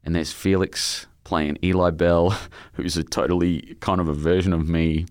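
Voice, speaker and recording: Middle-aged Australian man, very low voice, dry close sound, rambling heartfelt storyteller. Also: steady tone, normal speed, a little mellow, no echo. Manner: rambling, emotional storytelling with many restarts. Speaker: author being interviewed. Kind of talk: casual interview chat.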